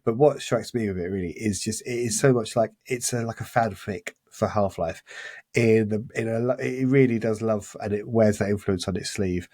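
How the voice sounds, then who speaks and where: A man's voice: fairly low pitch, moderate pace, a little mellow, no echo, studio quality. A man co-hosting a casual podcast, talking enthusiastically and rambling with restarts. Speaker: podcast co-host.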